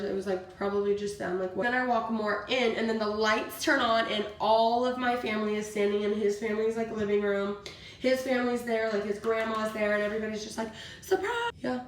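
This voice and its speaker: A young woman talks through her makeup routine in a chatty, rambling vlog style, filling her sentences with "like." Her voice sits a little high and carries room echo from some distance off the mic. A faint hiss stays under everything. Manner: chatty storytelling, fills with "like" constantly. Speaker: beauty vlogger. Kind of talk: casual chat while doing makeup.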